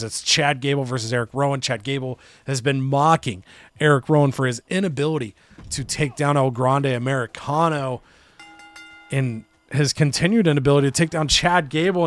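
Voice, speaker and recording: A young man chatting casually, retelling game events with quick silly character voices. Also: mid-range voice. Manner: animated storytelling, slips into quick silly voices. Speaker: game show co-host recapping matches. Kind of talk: casual chat.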